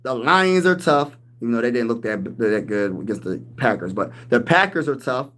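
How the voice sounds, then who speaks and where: A man's voice: medium pitch, expressive, moderate pace, fairly bright tone. A man in his thirties hosting a casual live-stream sports talk show, hyped and slangy as he reads and answers chat. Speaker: sports channel host.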